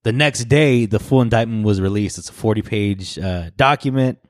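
A man's voice: fairly low pitch, moderate pace, no room sound, studio quality. A man co-hosting a podcast, chatting loosely with a friend, swearing and laughing often. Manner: loose, laughing, profane banter with bursts of mock shouting. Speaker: podcast co-host. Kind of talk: casual chat.

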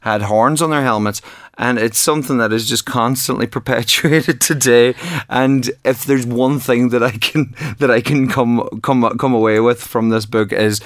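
A man's voice: medium pitch, fairly even intonation, normal speed, no echo, clean studio sound. A man, talking about his book as a guest in an interview, keen, with many false starts and repeated words. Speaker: author and actor guest. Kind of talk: conversational interview.

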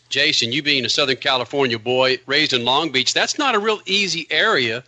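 A man's voice: mid-range voice, brisk, few pauses, pushed and bright. A man hosting a radio show, teasing his guest in playful banter.

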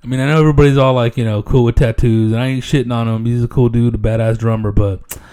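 Gravelly, profane podcast host. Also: male voice, mid-range voice, dark tone. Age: middle-aged. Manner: profane, laughs often, slangy. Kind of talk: casual rambling chat.

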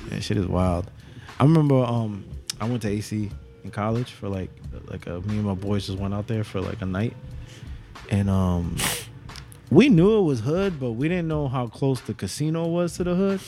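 A man's voice: lowish voice, animated, normal speed, mellow, soft background music. A young man, co-hosting a podcast, telling rambling profane stories and laughing often. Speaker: podcast co-host. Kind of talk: casual chat.

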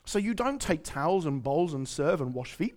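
A man's voice: on the high side, very animated, moderate pace, a little mellow. A man preaching a conversational sermon, quizzing his audience and telling stories.

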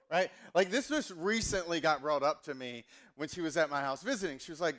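Joking pastor in his forties, slightly high voice. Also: expressive, brisk, few pauses, fairly bright tone. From American South. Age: 40s. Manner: casual and joking, with many fillers. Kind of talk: sermon.

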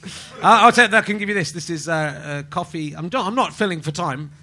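An English podcast host records live before a small audience, his fairly high voice quick and the sound very noisy. He chats in a rambling, mock-indignant, jokey style, like stand-up podcast banter.

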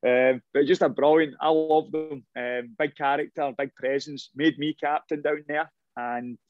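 A man's voice: fairly high pitch, steady tone, unhurried, no room sound, phone-quality sound. A middle-aged man, a former footballer, telling long rambling anecdotes in a casual interview, restarting his sentences often.

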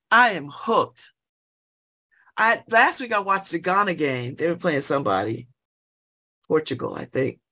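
A woman in middle age chats casually from her home, sitting by an open window. Her voice sits on the low side but moves around a lot, rising and falling as she talks. She laughs often and keeps breaking off into animated asides. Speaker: vlogger. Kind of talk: casual monologue.

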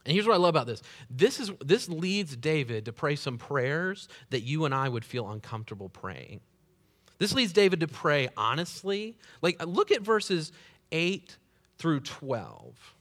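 A man preaching a sermon in a conversational, animated way, acting out prayers and everyday talk. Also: a little high, measured pace. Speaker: pastor.

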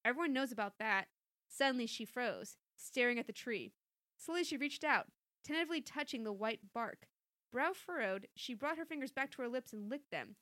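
A woman reading an interactive story aloud, playful and lively between passages. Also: fairly high pitch, normal speed, dry recording, clean studio sound. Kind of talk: storybook narration with chat.

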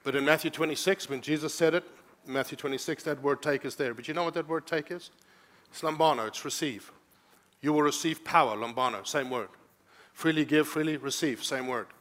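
A man's voice: a little high, a little fast, a bit bright. A man preaching a sermon as pastor, teaching scripture and rising to urgent, emphatic preaching, often asking the congregation to respond.

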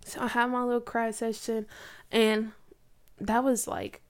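A woman's voice: on the high side, flat delivery, unhurried. Young woman telling a chatty faith story. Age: 20s. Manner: chatty storytelling with many likes and you knows. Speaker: student sharing her faith story. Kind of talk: casual personal testimony.

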